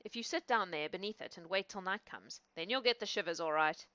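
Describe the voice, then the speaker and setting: A woman's voice: lowish voice, a little fast, bright, forceful tone, no echo, lo-fi sound. A woman voicing a sly travelling man who confides a grim tip. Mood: wry.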